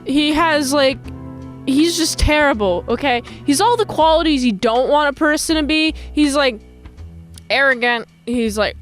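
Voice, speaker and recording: A woman with a high voice chats through an episode recap, loose and animated. She keeps jumping into goofy imitations of the characters. Faint music sits quietly under her voice. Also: unhurried. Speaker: episode reviewer. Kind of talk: casual recap with acted-out quotes.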